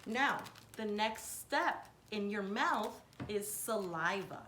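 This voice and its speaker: A woman giving a hands-on science lesson to children, explaining each step clearly and patiently. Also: medium pitch, lively intonation, slow, pushed and bright, a little hiss or hum. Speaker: science teacher. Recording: echoey room.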